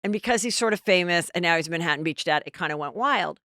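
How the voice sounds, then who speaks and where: A middle-aged woman hosting a podcast, telling stories in a chatty, animated casual chat. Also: fairly low pitch, fast, dry recording, clean studio sound. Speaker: podcast host.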